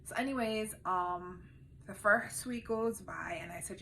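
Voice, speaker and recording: A woman speaks candidly to her camera at home, telling a personal story with raw emotion that often sinks quiet and subdued. Her voice is bright and clear. A faint hum of room ambience sits behind her. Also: mid-range voice, unhurried. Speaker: vlogger.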